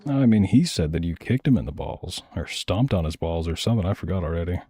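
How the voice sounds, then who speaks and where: A man's voice: deep voice, expressive, fast talker, dark tone, slightly rough, no echo. A man streaming and reacting to videos, blunt and profane, rambling through casual commentary.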